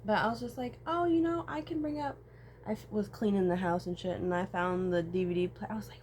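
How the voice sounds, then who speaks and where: A young woman rambles through a personal vlog, swearing freely as her voice swings between tearful and laughing. Her pitch sits in a middle range, and there is faint noise behind her. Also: fairly quick, darkish tone.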